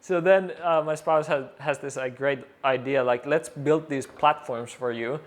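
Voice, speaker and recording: A man as an interview guest, telling a story casually, animated and full of fillers, acting out what others said. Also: mid-range voice, unhurried. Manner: animated, acts out quoted voices, many fillers.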